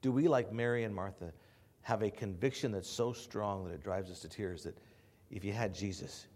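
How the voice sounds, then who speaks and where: A man preaching a sermon to his congregation. He shifts between quiet, low passages and loud, emphatic preaching, and often repeats words and restarts phrases. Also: normal speed.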